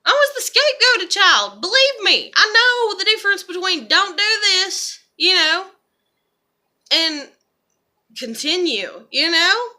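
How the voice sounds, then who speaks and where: A woman's voice: extremely high pitch, big pitch swings, takes it slowly, pushed and bright. A woman, talking through her feelings in a rambling, emotional monologue full of swearing. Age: 30s. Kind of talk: confessional vlog monologue.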